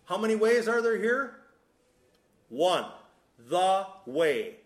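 A man preaching a sermon, emphatic and deliberate, with sudden drops to a soft voice. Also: high voice, big pitch swings. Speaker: pastor. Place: church sanctuary. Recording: echoey room.

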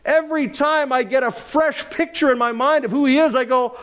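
A middle-aged man preaching an expository sermon, swinging between loud emphasis and quiet asides. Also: very high-pitched, normal speed. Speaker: pastor.

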